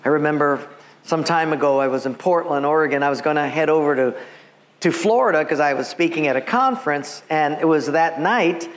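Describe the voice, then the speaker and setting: Animated pastor in an echoing church hall. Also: male voice, a little high, brisk. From Hawaii. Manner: animated, acts out voices, laughs at himself. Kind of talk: sermon with storytelling. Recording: long church reverb, faint background noise.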